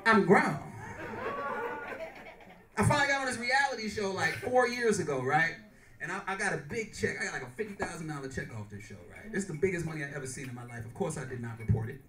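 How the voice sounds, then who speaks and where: A male stand-up comedian telling loud, animated stories on a club stage and working the crowd. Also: a little high, quick pace. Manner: loud, brash, animated storytelling with crowd work. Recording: echoey club, mic far, audience loud.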